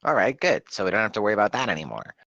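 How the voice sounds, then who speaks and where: A man chats casually at a tabletop game in a quick, animated way. His pitch moves widely, and his voice is bright and forward. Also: creaky, no room sound, lo-fi sound. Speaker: player.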